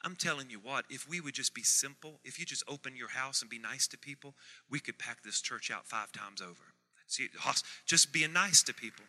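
Bright-voiced preacher in a reverberant church. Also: male voice, mid-range voice, lively intonation, fairly quick. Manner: swings from soft asides to loud emphatic repetition. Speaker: pastor. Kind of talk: sermon. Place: church sanctuary.

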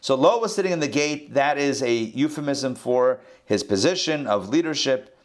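A man teaching a scripture class with animated delivery, rhetorical questions and playful asides. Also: mid-range voice, moderate pace. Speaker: Bible teacher.

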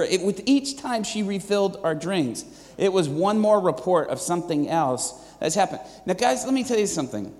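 A man's voice: high-pitched, sing-song, moderate pace, a little mellow. A male preacher telling a story in a sermon, in a loose, conversational way with many fillers and restarts. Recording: long reverb of a large hall.

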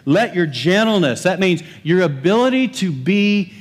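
A male pastor preaching a lively sermon, joking with the congregation and building emphasis. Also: high-pitched, moderate pace. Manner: animated, humorous preaching with rising emphasis.

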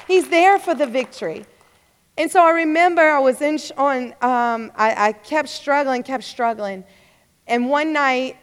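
A young woman preacher giving a fervent sermon testimony, rising to urgent exhortation. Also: sits high. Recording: long hall reverb.

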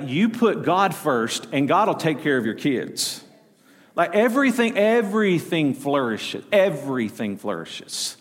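Southern preacher in a reverberant church. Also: male voice, a little high. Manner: preachy, call-and-response, folksy storytelling. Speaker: pastor. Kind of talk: sermon. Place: church sanctuary. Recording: long reverb of a church hall.

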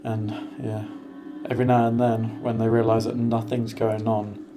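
A man's voice: on the low side, completely flat delivery, moderate pace, music in the background. A man co-hosting a podcast, chatting casually with a wry, playful humour. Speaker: podcast co-host. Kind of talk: casual chat.

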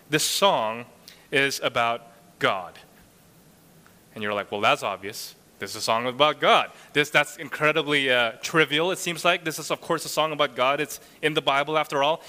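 A man delivers a sermon with an earnest, rhetorical push, often tagging his points with a quick question. His voice sits a little high and rings bright and forceful. A long hall reverb trails behind every phrase. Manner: earnest, rhetorical, frequent "right?" tags. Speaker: preacher.

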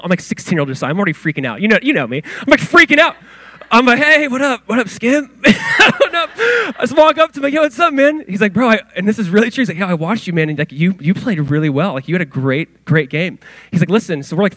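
High-voiced, chatty young pastor. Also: male voice, no echo. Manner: casual, excitable storytelling with many "like"s. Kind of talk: sermon.

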